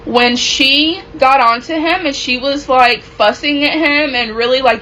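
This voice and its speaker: A woman casually telling a personal story from her relationship, animated and acting out what people said. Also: high-pitched, measured pace, a little hiss or hum, rough recording. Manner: animated, reenacts quoted dialogue.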